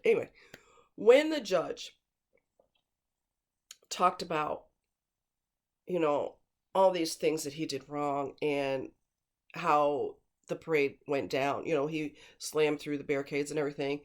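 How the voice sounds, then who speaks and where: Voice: mid-range voice, slow pace, pauses often. A true-crime commentator talking casually and bluntly, stressing points by repeating words, wandering off into asides. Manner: rambling, with digressions and fillers; blunt and scornful.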